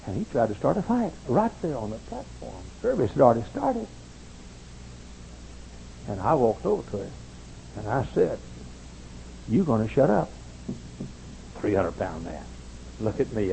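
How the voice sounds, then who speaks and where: An older male pastor delivers a storytelling sermon, his voice gravelly and worn. He leaps into high voices for the people he quotes. A faint hiss sits under the recording. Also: mellow, low-quality recording.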